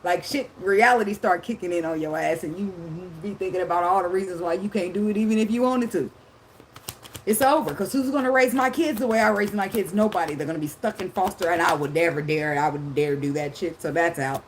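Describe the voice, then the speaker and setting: A woman's voice: on the low side, brisk, a little hiss or hum. A woman tarot reader talking casually in a blunt, profane way, laughing often. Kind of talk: casual unscripted monologue.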